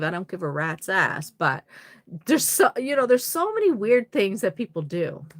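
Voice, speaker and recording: A woman hosting a casual livestream, reading out viewer comments and chatting back with laughs and exclamations. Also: mid-range voice. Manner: chatty, reads comments aloud and reacts with laughs.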